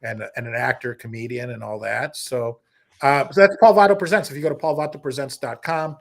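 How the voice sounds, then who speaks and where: A man, a comedian guest on a podcast, telling stories in a lively, casual way and breaking into impressions. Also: mid-range voice, brisk, gravelly. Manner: animated storyteller, slips into impressions. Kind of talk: casual interview storytelling.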